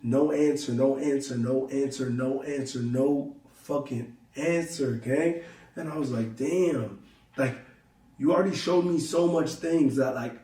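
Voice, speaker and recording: A man's voice: mid-range voice, mellow, reverberant, distant mic. A young man telling a long story to his viewers in loose slang, acting out both sides of each conversation. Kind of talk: casual storytelling to camera.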